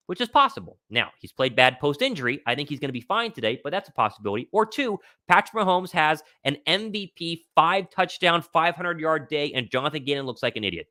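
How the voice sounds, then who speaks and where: A young man hosting a live sports stream, talking with excitable confidence and reading out viewers' questions. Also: a little high, no room sound, studio quality. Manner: excitable, confident, reads chat questions aloud. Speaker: host of a sports livestream. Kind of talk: live pregame Q&A commentary.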